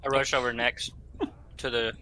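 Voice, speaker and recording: A man's voice: mid-range voice, flat delivery, moderate pace, crowd noise. A man playing a tabletop game, eager and laughing, often stammering over his words. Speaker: player.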